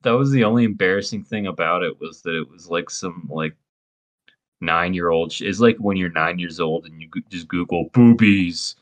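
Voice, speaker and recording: A young man with a somewhat low voice co-hosts a podcast. He talks in crude, laughing banter and throws in "dude" and "bro" all the time. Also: fairly quick, fairly bright tone. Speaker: podcast co-host. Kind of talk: casual chat.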